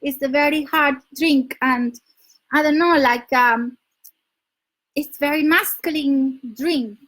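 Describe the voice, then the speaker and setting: A chatty woman with a Spanish accent talks casually to her live viewers, laughing often and answering their comments. Her voice sits high for a woman. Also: slow pace, a bit bright, poor audio. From Spain. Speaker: dating advice live streamer. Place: her home in London.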